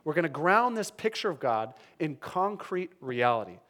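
A man's voice: sing-song, normal speed. Earnest male pastor preaching a sermon. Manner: earnest, dynamic, drops to soft emphatic lows.

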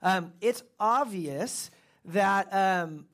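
High-voiced casual youth pastor, a man. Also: extremely slow. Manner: relaxed, conversational, quizzes listeners. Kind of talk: casual talk to a youth group.

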